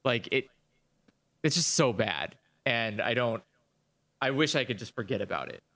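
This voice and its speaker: A man's voice: medium pitch, animated, normal speed, bright, forceful tone. A man in casual chat about video games, ranting animatedly and swearing a lot.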